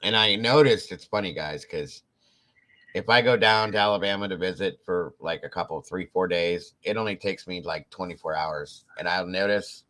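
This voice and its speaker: A man with a low but bright, forceful voice hosts a casual live-stream chat from home. He talks in a relaxed, rambling way, often pausing on "um" and laughing along the way. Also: low-quality recording. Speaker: host.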